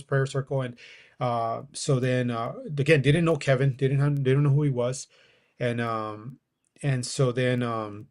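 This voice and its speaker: A forty-something podcast guest speaks at medium pitch with a darkish tone. Casually recounting something from his own life, he acts out what people said and keeps laughing.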